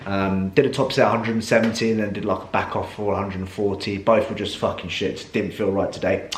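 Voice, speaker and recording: Swearing fitness vlogger, echoey room. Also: male voice, fairly low pitch, fairly even intonation, brisk, a little hiss or hum. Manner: swears freely, rants loudly. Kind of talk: casual vlog chat.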